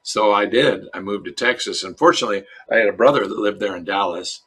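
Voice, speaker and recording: A middle-aged man from Chicago, a dentist answering interview questions in a relaxed, storytelling way. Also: lowish voice, fast talker, breathy edge. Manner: relaxed storyteller, acts out quoted voices. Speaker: dentist guest.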